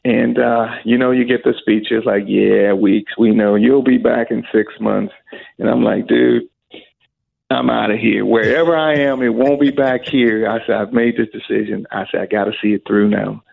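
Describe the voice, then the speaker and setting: A man's voice: on the low side, steady tone, moderate pace, vocal fry, slightly rough. A man in an interview, telling a story animatedly and acting out the quoted dialogue. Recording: phone-like narrow band with faint music.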